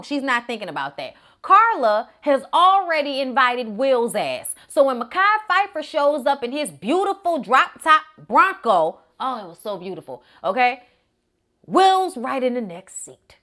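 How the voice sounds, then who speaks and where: A woman recapping a movie in a casual, sassy, animated way, talking straight to her viewers. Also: fairly high pitch. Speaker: movie reviewer.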